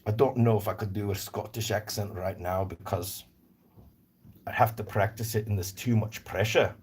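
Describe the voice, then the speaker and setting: A man's voice: fairly low pitch, steady tone, normal speed, a little mellow, husky. A man from Northern Virginia hosting a casual live stream about rescue animals, jokey and rambling as he answers viewer comments aloud. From Northern Virginia, US East Coast.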